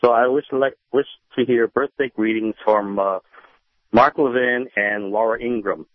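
A man's voice: mid-range voice, normal speed, dry recording. A man in his fifties with a nasal voice, calling a radio show, hesitant with dry humor. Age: 50s. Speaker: caller. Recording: phone line call.

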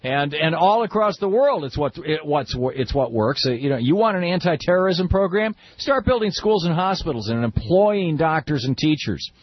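A man hosting a political call-in radio show, opinionated and quick, often restarting his sentences. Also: on the high side, very animated, husky, no room sound, lo-fi sound. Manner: opinionated, fast with frequent restarts. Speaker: radio talk show host.

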